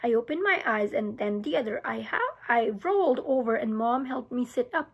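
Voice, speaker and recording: High, breathy woman reading aloud. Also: moderate pace, lo-fi sound. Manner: steady storytelling with small restarts. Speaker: teacher. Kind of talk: reading a children's novel aloud.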